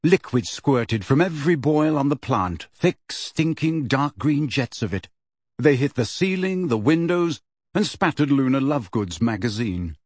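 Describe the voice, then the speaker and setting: A man narrating an audiobook in a measured, steady storytelling voice. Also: mid-range voice, no room sound.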